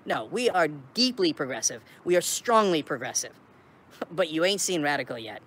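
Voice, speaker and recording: A man's voice: a little high, sing-song, moderate pace, a bit bright. A man delivering an impassioned political commentary as a show host. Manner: emphatic, building intensity.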